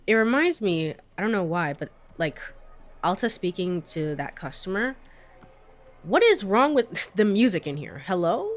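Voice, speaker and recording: A chatty woman streaming a game, giving loose commentary and laughing often. She trails off and restarts as she goes, at an ordinary pitch for a woman. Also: big pitch swings, unhurried. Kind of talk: casual let's-play commentary.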